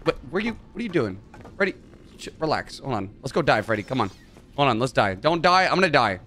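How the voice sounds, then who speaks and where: A man narrating a horror game let's-play, joking, swearing and yelling when startled. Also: mid-range voice, sing-song, fast talker, soft background music. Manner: jokey, swears, mutters, yells when startled. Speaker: gaming YouTuber.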